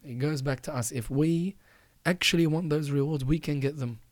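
A man's voice: on the high side, moderate pace, dry recording. Earnest man urging listeners, dry sound. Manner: earnest, exhorting, repeats phrases for emphasis. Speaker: podcast host. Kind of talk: religious advice talk.

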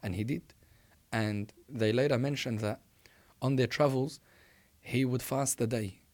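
Telling a religious story with animated emphasis, a preacher often starts his sentences over. He speaks a little slowly at a medium pitch.

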